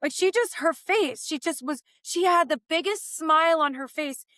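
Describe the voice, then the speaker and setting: A woman's voice: high-pitched, moderate pace, fairly bright tone, no echo. A woman hosting a podcast, telling a personal story in emphatic, conversational chat. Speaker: podcast host.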